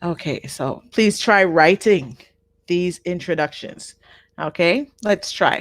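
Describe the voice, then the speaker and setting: A woman teaching a live online Japanese class, patient and repeating each word slowly for her learners. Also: on the low side, expressive, no echo.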